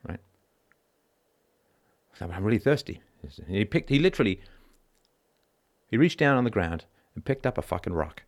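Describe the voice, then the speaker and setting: A man's voice: fairly low pitch, sing-song, normal speed, pauses often. A middle-aged man hosting a call-in show, talking bluntly and emphatically, swearing freely and tagging "right?" onto his points. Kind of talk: conversational call-in monologue.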